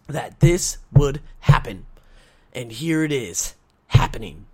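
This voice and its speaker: Excitable guy doing a solo podcast, voice jumps all over the place, laughs a lot, goes loud then quiet. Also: mid-range voice, slow, long pauses, husky. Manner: exuberant, repetitive, swings from shouting to quiet reflection; laughs often while talking. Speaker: podcast host.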